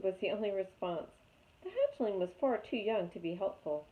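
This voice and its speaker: A woman reading a chapter book aloud with lively, expressive storytelling. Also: mid-range voice, normal speed. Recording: tinny phone-like sound.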